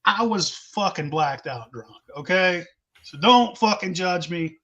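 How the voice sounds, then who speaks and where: A rowdy man tells a wild tale, cursing in nearly every sentence and laughing as he goes. His voice sits high and rings bright. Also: lively intonation, a little slow, lo-fi sound. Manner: rowdy, swears constantly, laughs mid-story. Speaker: podcast host telling stories. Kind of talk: casual profane storytelling.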